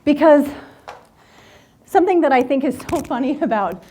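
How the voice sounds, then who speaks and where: A woman giving a motivational talk to a live group, telling stories in a candid, animated way and swearing freely. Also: high voice, normal speed. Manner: candid, profane, animated storyteller. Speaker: workshop speaker.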